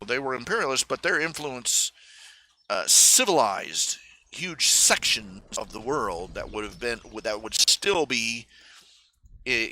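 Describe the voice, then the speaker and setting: Bright-voiced man rambling with fillers. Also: mid-range voice. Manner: halting, many fillers and restarts, mocking put-on accents in quotes. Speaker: live stream host. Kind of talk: rambling casual monologue.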